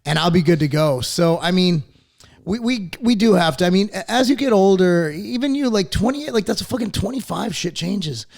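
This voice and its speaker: A man's voice: sits high, moderate pace, gravelly. A man in his forties hosting a podcast, ranting casually with constant swearing. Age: 40s. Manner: profane, animated ranting. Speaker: podcast host.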